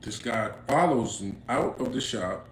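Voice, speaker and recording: A man from Inglewood, California, telling a street story to camera in slang, acting out quotes and rising to loud, emphatic bursts. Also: mid-range voice, animated, a little slow. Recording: roomy echo, faint background noise.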